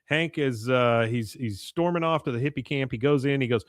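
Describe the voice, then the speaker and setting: A man's voice: medium pitch, brisk, few pauses, no room sound, clean studio sound. Man laughing through a show recap. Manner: retells scenes quoting characters with laughs. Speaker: podcast host recapping an episode. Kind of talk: casual chat.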